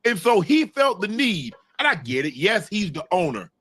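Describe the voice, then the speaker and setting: A man co-hosting a sports talk show, questioning the news in an animated, incredulous way. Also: high voice, normal speed, dry recording.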